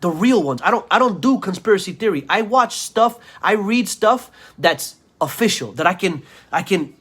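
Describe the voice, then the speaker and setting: A man's voice: sits high, animated, normal speed, fairly bright tone, slightly rough. A man delivering an angry political rant to camera, scornful and insulting his listeners. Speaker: political commentator. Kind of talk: ranting vlog monologue.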